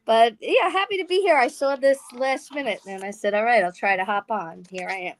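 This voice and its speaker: A woman's voice: a little high, fairly quick, a little hiss or hum. A woman calling in to a livestream, chatting casually in a chatty way, laughing often and using fillers. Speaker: guest caller. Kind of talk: casual chat.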